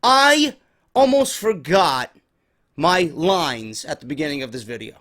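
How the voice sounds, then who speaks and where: With a voice on the high side, big pitch swings, a sharp tone and a slightly slow delivery, this tired New York man hosts a wrestling podcast. He rants in exasperation and swears constantly.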